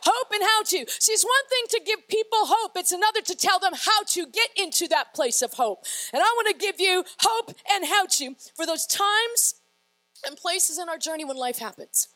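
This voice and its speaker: A woman pastor delivering an energetic sermon, asking the congregation questions and reading scripture aloud with drama. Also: extremely high pitch, moderate pace, low-quality recording.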